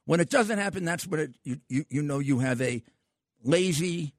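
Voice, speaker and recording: A man's voice: fairly high pitch, animated, normal speed, no echo, studio quality. An older man hosting a talk radio show, speaking with emphatic, scornful repetition.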